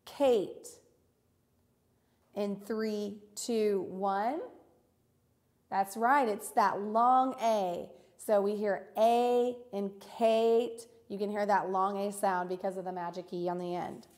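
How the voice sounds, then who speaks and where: Slow, deliberate woman teaching young kids. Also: medium pitch, steady tone, a little mellow. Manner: slow, deliberate enunciation with encouraging praise. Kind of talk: recorded reading lesson for young children.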